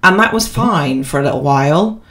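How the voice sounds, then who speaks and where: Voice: medium pitch, animated, normal speed, a bit bright. A podcast co-host chatting casually and rambling, with lots of fillers and restarts, self-deprecating. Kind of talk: casual chat.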